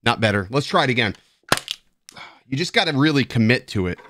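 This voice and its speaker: On a live stream, a man with a medium-pitched, fairly bright voice speaks fairly quickly with lively intonation over slight background noise. Tipsy and playful as he drinks beer, he chats and rambles into a headset at his streaming desk, teasing himself for his viewers.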